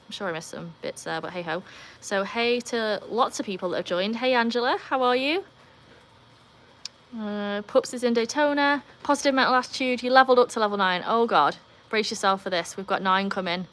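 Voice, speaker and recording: A woman's voice: mid-range voice, moderate pace, a bit bright. A woman from the UK with a British accent, hosting a casual livestream at home, chatting upbeat and rambling while reading viewer comments aloud and talking to her dogs. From United Kingdom. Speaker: livestream host.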